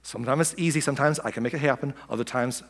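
A man's voice: mid-range voice, rapid-fire, in a large hall. A male pastor delivering a conversational sermon, full of asides, restarts and quoted voices.

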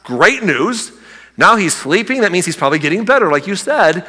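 A man's voice: high voice, sing-song, moderate pace, bright, forceful tone, big-room sound, voice pushed up, full character voice. A man voicing a group of bewildered male disciples who question their teacher in disbelief. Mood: baffled. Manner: incredulous, exasperated questioning.

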